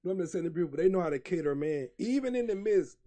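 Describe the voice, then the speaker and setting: A man with an Atlanta accent, his voice sitting high for a man, tells a loose story in casual podcast chat. He is animated and laughs often, acting out his own quoted lines. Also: racing. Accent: Southern US, Atlanta. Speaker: podcast co-host.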